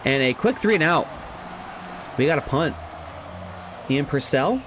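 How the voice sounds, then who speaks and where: A man giving casual let's-play commentary on a football video game, chatty and thinking aloud, laughing at himself and jumping to loud shouts at big plays. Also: a little high, expressive, unhurried, noisy background. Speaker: gaming commentator.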